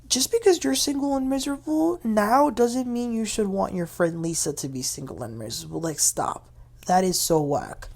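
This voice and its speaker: A woman's voice: mid-range voice, lively intonation, moderate pace, creaky, darkish tone. Chatty woman recapping reality TV. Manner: chatty, opinionated, many fillers. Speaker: TV recap host.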